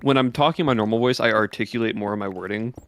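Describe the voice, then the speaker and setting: A male streamer in casual chat who rambles with many fillers and drawls some words out in a put-on Southern voice, recorded on a compressed mic that makes him sound monotone. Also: on the low side, fast talker. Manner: rambling, many fillers, explains things loosely. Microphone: desk microphone with built-in compression.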